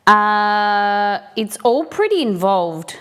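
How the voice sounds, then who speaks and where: A woman's voice: medium pitch, big pitch swings, extremely slow, a bit bright, clean tone. A woman hosting a live cooking stream, chatting casually with viewers and greeting them by name.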